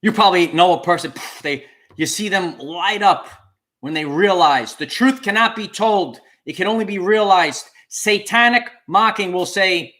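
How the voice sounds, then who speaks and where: A man speaks straight to his livestream audience, his voice sitting a little higher than most men's. He repeats his key phrases over and over with a preacher's earnest emphasis. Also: sharp tone. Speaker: channel host. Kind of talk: livestream talk to viewers.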